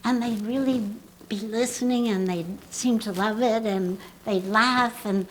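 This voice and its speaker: An older woman from the US East Coast with a little squeaky voice, telling animated stories as a guest in a casual interview. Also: a little slow, slight background noise, rough recording. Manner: animated storyteller, laughs often. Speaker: guest actress.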